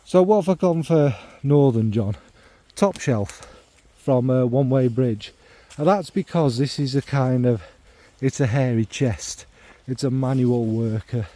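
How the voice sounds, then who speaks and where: A man's voice: medium pitch, measured pace, mellow, no room sound. A middle-aged man from the North Midlands, chatting casually about fragrances in a rambling, self-deprecating way full of ums and asides. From North Midlands of England. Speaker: fragrance vlogger. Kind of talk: casual spoken monologue.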